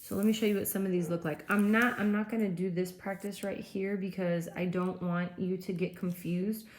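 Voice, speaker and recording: A woman's voice: medium pitch, fairly even intonation, normal speed. A woman teacher giving a classroom lecture, explaining step by step and checking in with frequent okays. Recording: echoey room, faint noise.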